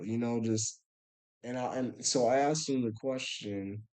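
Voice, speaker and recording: A tired young man telling a personal story in a casual, halting way, full of restarts and fillers. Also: lowish voice, fairly even intonation, dark tone, poor audio. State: tired late at night. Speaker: vlogger.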